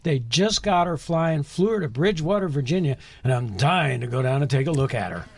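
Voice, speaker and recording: Upbeat male radio co-host, fairly high. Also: lively intonation, fairly quick. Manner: enthusiastic, chatty. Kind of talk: live radio chat.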